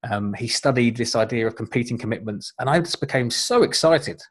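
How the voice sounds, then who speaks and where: A man's voice: medium pitch, expressive, fairly quick, slightly rough. A middle-aged man, a life coach, giving an earnest, encouraging webinar talk with frequent fillers. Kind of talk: webinar presentation.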